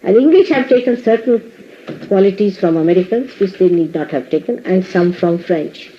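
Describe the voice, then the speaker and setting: A woman's voice: mid-range voice, lively intonation, normal speed, slight background noise. A woman spiritual teacher giving a talk to her followers, scolding them in a playful way and laughing often. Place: indoor ashram hall. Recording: dull lo-fi 1980s tape recording.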